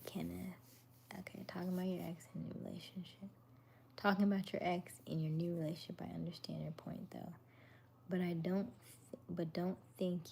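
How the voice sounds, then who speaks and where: A woman hosting a casual evening livestream, greeting viewers by name and chatting about relationships in a soft, often half-whispered voice. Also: on the low side, gravelly, a little hiss or hum. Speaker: livestream host. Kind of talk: casual live chat reading viewer comments.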